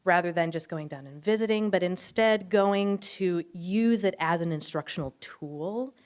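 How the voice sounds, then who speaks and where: A woman's voice: fairly low pitch, moderate pace. A woman teacher speaking earnestly and explaining at a school board meeting. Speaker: third grade teacher.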